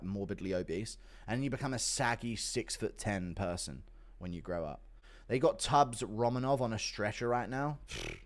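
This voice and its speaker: A young man hosting a casual livestream, swearing, laughing often and mocking viewers as he reads donations. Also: low voice. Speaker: livestream host reading donations.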